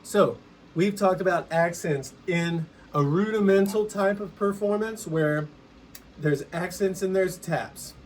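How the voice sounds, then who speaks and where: A man teaching percussion in a relaxed, conversational way, now and then singing rhythms aloud. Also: high-pitched, unhurried, noisy background. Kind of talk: casual instructional explanation.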